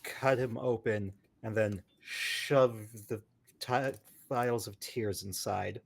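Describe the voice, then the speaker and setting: A man playing a tabletop role-playing game, describing his character's moves playfully with lots of pauses and fillers. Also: fairly low pitch, gravelly. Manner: playful, halting, many fillers. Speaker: player. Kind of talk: casual tabletop play.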